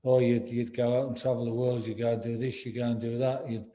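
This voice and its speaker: A man in his sixties being interviewed, speaking candidly and haltingly, with many repeated words and "you know"s. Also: medium pitch, little pitch movement, mellow. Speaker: interview guest, former footballer.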